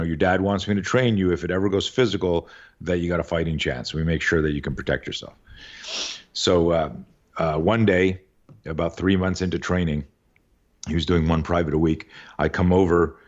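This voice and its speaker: A middle-aged man with a deep voice, heard on a lo-fi recording, is a podcast guest casually telling a long anecdote. He acts out the voices in his story and swears now and then.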